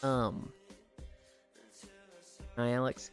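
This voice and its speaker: A woman streamer chatting casually while walking on a treadmill, telling animated, profane stories and sounding tired. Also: very deep voice, drawn-out words, soft background music.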